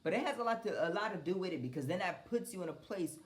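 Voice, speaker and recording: A woman's voice: lowish voice, lively intonation, fast talker. A young adult woman hosting a podcast, talking in a blunt, profane and impassioned casual monologue. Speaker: podcast host.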